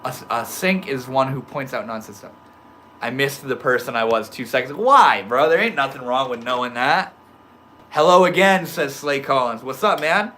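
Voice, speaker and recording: A man's voice: medium pitch, lively intonation, normal speed, sharp tone. A man chatting loosely with his livestream viewers, reading their comments aloud in slangy talk full of bro and dude. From Maine. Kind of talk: casual livestream chat.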